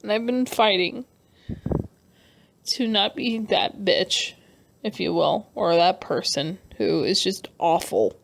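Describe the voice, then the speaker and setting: A young adult woman vlogger talking earnestly and emotionally in a halting personal rant over her speed painting. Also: mid-range voice, vocal fry, slight background noise. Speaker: artist vlogger.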